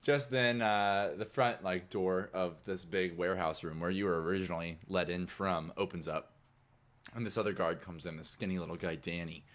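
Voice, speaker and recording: A man's voice: low-pitched, fairly even intonation, normal speed, a bit bright. A man narrating as game master in a tabletop game, rambling with lots of fillers.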